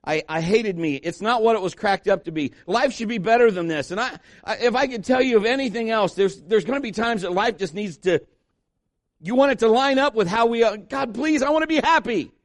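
A male pastor delivering a conversational sermon, with lively asides to his congregation and read scripture passages. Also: high-pitched, a little fast, dry recording, clean studio sound.

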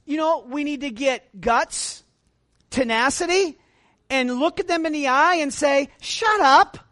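Animated, dry-sounding middle-aged male pastor preaching. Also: very high voice, a little slow, dry recording. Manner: animated preaching with big swings between quiet asides and loud emphatic lines; self-deprecating humor, chatty asides to the congregation. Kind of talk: sermon.

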